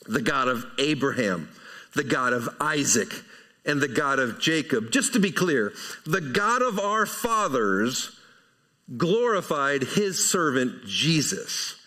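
A male pastor works through a sermon verse by verse in a conversational tone, posing rhetorical questions and moving between emphatic and quiet delivery. His medium-pitched voice swings widely in pitch and moves at a slow pace.

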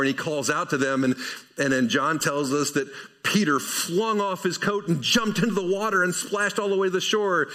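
A man preaching a conversational sermon verse by verse, asking rhetorical questions and shifting between emphatic and quiet delivery. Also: medium pitch. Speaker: pastor.

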